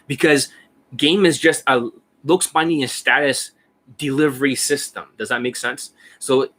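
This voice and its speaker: A blunt, foul-mouthed dating coach in his forties, talking casually and demonstrating as he goes. His voice is bright and forward, with a husky, slightly rough edge. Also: medium pitch. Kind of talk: casual instructional talk.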